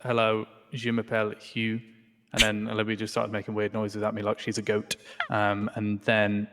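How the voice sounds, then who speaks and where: A man in character as a police detective in a roleplay game, halting and restarting his sentences. His voice sits on the low side. A long reverb tail trails behind his words. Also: completely flat delivery, noisy background. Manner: hesitant, halting, stumbling restarts.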